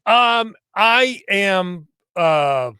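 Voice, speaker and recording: A podcast co-host breaking down a basketball play in an expressive, rambling way. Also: male voice, sits high, very slow, smooth, no echo, studio quality. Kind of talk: sports analysis chat.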